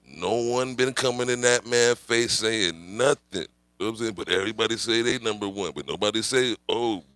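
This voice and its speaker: Rambling, laughing man, low and dry. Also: a little fast, a bit bright, dry recording. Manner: rambling, profane, laughs often, slangy. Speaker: livestream host. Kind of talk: casual live-stream rant.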